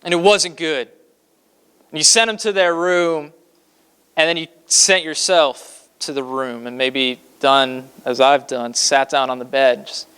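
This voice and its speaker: A man's voice: medium pitch, steady tone, measured pace, sharp tone, clear, resonant tone. A man from Kentucky, a pastor preaching a sermon in a conversational way, full of fillers, who acts out the scripture quotes dramatically.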